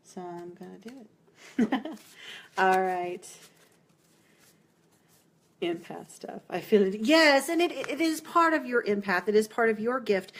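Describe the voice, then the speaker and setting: A woman's voice: medium pitch, animated, slow pace, long pauses. Chatty woman giving a tarot reading. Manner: chatty, laughs often, reassuring. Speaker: tarot reader. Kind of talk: live-streamed tarot reading.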